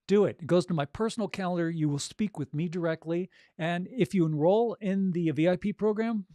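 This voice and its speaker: Man, audiobook coach, casual chat, fairly high voice, dry close sound. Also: darkish tone, no room sound. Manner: conversational, upbeat, with frequent fillers.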